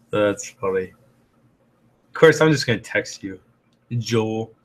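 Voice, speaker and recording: A man hosting a live stream, casually answering viewer comments in an upbeat, chatty way full of fillers and restarts. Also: on the low side. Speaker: host answering live chat.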